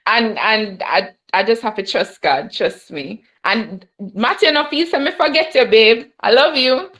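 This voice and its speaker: A woman's voice: fairly high pitch, expressive, unhurried, a bit bright. A young woman with a Jamaican accent, sharing an emotional personal testimony at a Bible study and mixing patois with English. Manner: mixes Jamaican patois with English, laughs often.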